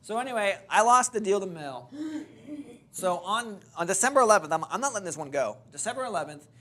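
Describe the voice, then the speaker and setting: A man's voice: sits high, a little fast. A man teaching a real estate course, telling a story to a seminar audience and acting out the dialogue as he goes. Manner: animated storyteller, acts out quoted dialogue.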